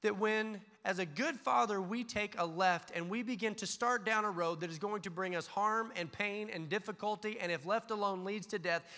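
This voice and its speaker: A man delivers a sermon in a high, bright, forceful voice. His words ring out with a long reverb, as if filling a church hall. He tells stories and acts out voices as he preaches. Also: normal speed, hardly any pauses. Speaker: pastor. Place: church sanctuary.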